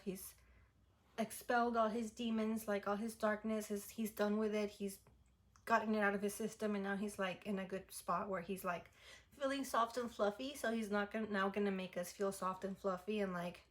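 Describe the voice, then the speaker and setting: A woman's voice: mid-range voice, a bit bright. Chatty young woman reviewing an album. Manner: chatty and effusive, many "like" fillers. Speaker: music reaction vlogger.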